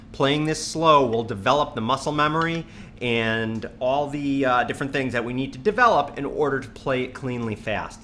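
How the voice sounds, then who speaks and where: Bright-voiced man teaching drums. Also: slight background noise. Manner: patient, repeats counts in a low steady voice. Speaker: drum teacher. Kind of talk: instructional lesson, counting aloud. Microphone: studio mic on a stand near the kit.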